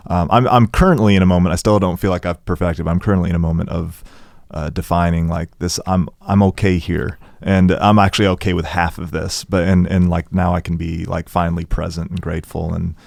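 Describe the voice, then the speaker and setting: A man guest on a podcast speaking reflectively in casual interview chat, with many halting restarts. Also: low-pitched, steady tone, vocal fry, darkish tone, no echo, studio quality. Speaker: musician guest.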